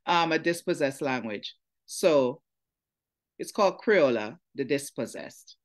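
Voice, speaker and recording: A woman's voice: low-pitched, animated, a little slow. A Jamaican woman poet chatting easily as she introduces poems at a literary reading, with frequent fillers and restarts. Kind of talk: spoken introduction to a poetry reading.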